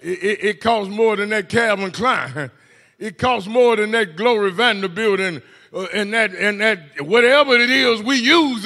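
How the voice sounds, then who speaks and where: A man preaching a Mother's Day sermon in church, shouting in bursts, stammering on repeated words and calling out to the congregation. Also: high voice, measured pace. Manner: calls "hello, somebody" to the congregation. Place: church sanctuary.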